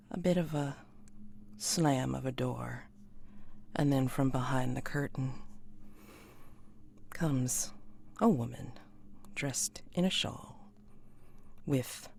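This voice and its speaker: A man narrating a tabletop game as game master, in a slow, halting way. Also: medium pitch, gravelly, a little hiss or hum.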